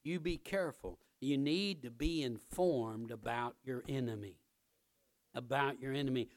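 A male pastor preaching a sermon in church, emphatic and repetitive, building up to loud, driving peaks. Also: medium pitch, unhurried.

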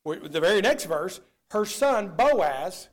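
A man preaching a sermon, swinging between loud declarations and low, quiet asides. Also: big pitch swings, takes it slowly.

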